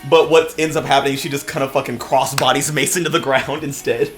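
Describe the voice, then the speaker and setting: Man, game master, casual loose narration, mid pitch, faint background music. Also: steady tone, brisk.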